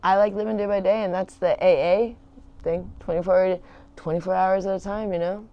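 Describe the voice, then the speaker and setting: A woman's voice: mid-range voice, fairly even intonation, a little fast, dull audio. A woman host telling rambling personal stories in casual chat, laughing often. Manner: rambling storytelling with frequent laughs. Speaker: channel host.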